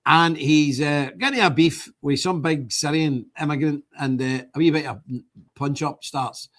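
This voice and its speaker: A man's voice: on the high side, a little slow, fairly bright tone. An older man, hosting a livestream and talking to his viewers in an indignant, rambling way, repeating himself as he goes. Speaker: livestream host.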